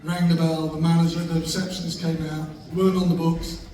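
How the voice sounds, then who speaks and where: This time his voice sounds fairly high, level, and dark, and he moves briskly through funny anecdotes about his wife before a live crowd, laughing along. The sound is distant and echoey, with a bit of noise.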